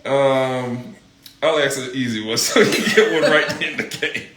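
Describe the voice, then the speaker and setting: A man in casual live-stream chat, joking and animated as he runs a quiz game. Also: mid-range voice, a little slow. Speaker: vlogger co-host, quiz asker. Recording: echoey room with faint noise.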